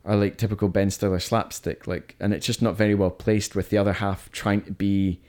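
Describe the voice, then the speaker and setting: Speaking a little fast, this man has a fairly low, darkish voice that barely moves in pitch. He co-hosts a film podcast, reviewing movies in a chatty, opinionated manner and frequently restarting what he's saying.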